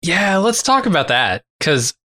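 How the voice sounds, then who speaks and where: A man's voice: fairly high pitch, very animated, a little slow, sharp tone. A man in casual podcast chat, giving frank opinions on a movie and laughing easily. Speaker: podcast co-host. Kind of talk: casual film discussion.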